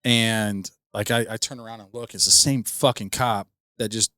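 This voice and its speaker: A man's voice: on the low side, steady tone, moderate pace, sharp tone, no echo, studio quality. A young man co-hosting a podcast, telling a profane, rambling story full of fillers into a podcast mic. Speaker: podcast co-host. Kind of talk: casual storytelling.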